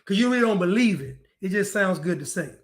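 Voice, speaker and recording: A man's voice: high voice, animated, quick pace. A man giving a preachy, mocking monologue, repeating phrases for emphasis and acting out other people's lines. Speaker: commentator. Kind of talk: monologue commentary.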